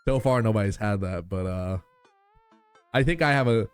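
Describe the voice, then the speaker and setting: A man with a New York accent chats with his live-stream viewers between bits of reading a game. His voice sits on the low side, easygoing and quick to laugh, with casual swearing. Faint game music plays under him. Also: clean tone, no room sound. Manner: chatty, laughs easily, swears casually, talks to chat.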